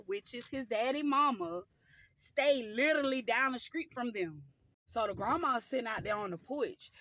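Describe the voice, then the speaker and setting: A woman casually telling a story to her viewers, loose and animated, full of slang and acting out the people she quotes. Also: a little high, low-quality recording.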